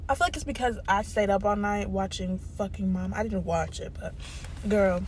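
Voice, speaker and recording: A woman's voice: medium pitch, moderate pace, a little mellow, slight background noise. A young woman vlogger ranting casually, swearing and laughing between phrases. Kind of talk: casual rant. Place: parked car.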